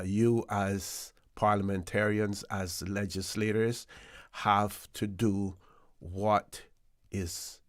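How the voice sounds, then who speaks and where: A Caymanian man hosts a radio talk show in an easygoing, rambling manner, full of fillers and restarts. His voice sits a bit low. It is close and dry on a studio microphone. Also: no echo.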